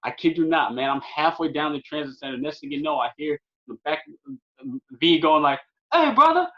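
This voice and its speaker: Speaking a little fast in a higher-leaning voice, a young man from California recounts a lengthy, funny story as a podcast guest. He's loose and lively, leaning on fillers such as "man" and "or what have you," over dull lo-fi audio.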